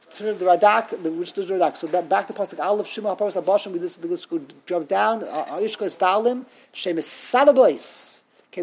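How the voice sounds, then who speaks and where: Woman, husky voice, class teacher, slow syllable drills, explanatory. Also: lowish voice, darkish tone. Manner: explanatory, sounds out syllables slowly, frequent restarts. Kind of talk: classroom text study with pronunciation drills.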